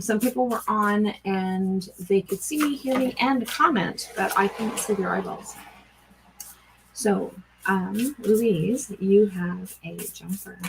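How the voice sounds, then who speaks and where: A middle-aged woman speaks on a live stream, pulling oracle cards for viewers and greeting each one by name. Her talk is chatty and easygoing, with bursts of gushing excitement. A faint hiss of noise sits under her voice. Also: medium pitch, vocal fry, rough recording. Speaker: oracle card reader. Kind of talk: live-stream card reading.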